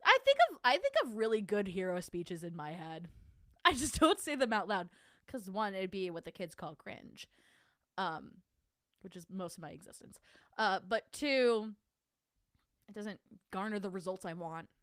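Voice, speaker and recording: A woman's voice: mid-range voice, sing-song, normal speed, a bit bright, no room sound, clean studio sound. A young adult woman hosting a casual livestream, chatting and answering her chat in a self-deprecating way. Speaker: livestream host.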